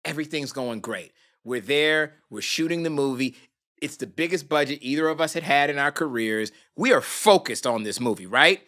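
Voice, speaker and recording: A man's voice: a little high, normal speed. A man, a guest on a podcast, telling a story with drama and acting out the people in it. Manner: lively, dramatic, acts out the people in his story. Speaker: podcast guest, film producer. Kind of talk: animated storytelling.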